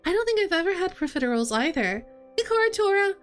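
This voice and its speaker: A chatty woman streamer with a bright, high voice that bounces up and down as she jokes about her own voice acting. Quiet game music plays under her talk. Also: sing-song, fast talker. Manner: chatty, self-mocking, laughing. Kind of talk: reading a visual novel aloud on stream.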